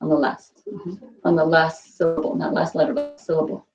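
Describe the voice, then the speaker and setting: A woman's voice: sits low, brisk, vocal fry, a little mellow, lo-fi sound, faint music behind. A woman teaching a Spanish class, patiently quizzing students and repeating their answers.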